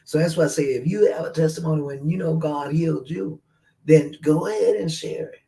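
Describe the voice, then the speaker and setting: A man's voice: on the high side, a little fast, creaky, warm tone, rough recording. A man hosting a radio talk show, speaking casually and earnestly as he encourages listeners to share their stories.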